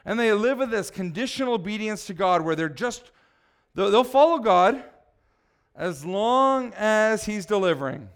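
A middle-aged man preaching a blunt, exhorting sermon, swinging between loud pushes and quiet asides. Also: high-pitched, animated, normal speed, clean tone.

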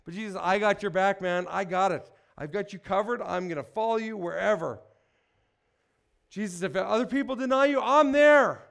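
A preacher doing a brash, chummy disciple. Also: male voice, high-pitched, normal speed, creaky, a bit bright. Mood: bragging. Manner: boastful, chummy. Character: brash loyal-sounding adult male disciple.

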